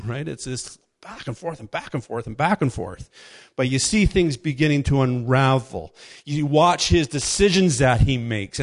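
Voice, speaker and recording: A man preaching a casual sermon, telling a story with quick voiced asides and chuckles. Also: mid-range voice.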